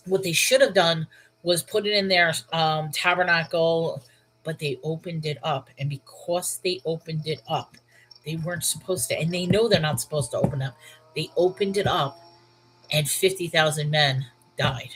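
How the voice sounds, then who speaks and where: A woman's voice: deep voice, normal speed, fairly bright tone, a little hiss or hum, rough recording. Congested woman reading scripture aloud. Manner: muses aloud, questioning and earnest. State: congested, stuffy-nosed. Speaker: host of a Bible reading show. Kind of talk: scripture reading with casual commentary.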